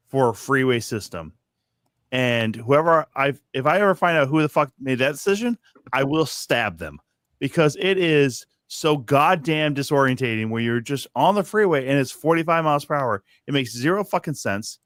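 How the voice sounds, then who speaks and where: A man's voice: on the high side, fairly bright tone, no room sound, studio quality. A man, co-hosting a casual live stream and ranting about traffic with heavy swearing. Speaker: podcast co-host. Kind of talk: profane casual chat. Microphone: video call.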